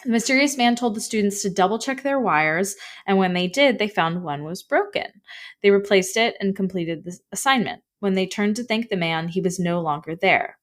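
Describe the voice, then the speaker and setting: A woman's voice: mid-range voice, animated, moderate pace. A young woman co-hosting a podcast, reading ghost stories from an article in casual chat, with a slight lisp and some stumbling over her words. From Canada. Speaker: podcast co-host.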